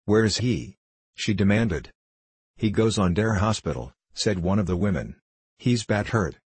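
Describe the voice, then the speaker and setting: A man reads a novel aloud in a steady, measured audiobook style. His voice is deep and a little husky, and the recording is dry and close with no room sound. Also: no room sound. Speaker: audiobook narrator. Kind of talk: scripted narration of a novel.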